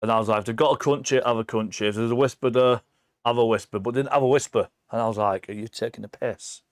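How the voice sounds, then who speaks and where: A man in his forties with an English accent, telling stories in a sweary, animated casual chat as a podcast guest. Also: medium pitch, fast talker, clean tone, dry recording, studio quality. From England. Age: 40s.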